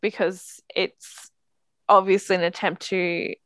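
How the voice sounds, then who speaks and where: A woman's voice: on the low side, flat delivery, slow pace, a bit bright, no room sound. A woman in casual chat about a book, talking with many fillers and restarts. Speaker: podcast co-host discussing books.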